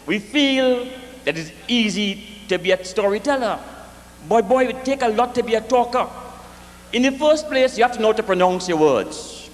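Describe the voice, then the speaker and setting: A man with a West Indian accent performing a live comic storytelling set, lively and jokey, with sing-song swings in pitch. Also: normal speed, big-room sound. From West Indies.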